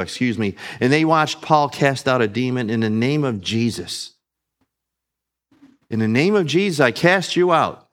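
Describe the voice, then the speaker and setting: A man preaching an expository sermon, reading scripture aloud and explaining it slowly and deliberately. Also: mid-range voice, a bit bright.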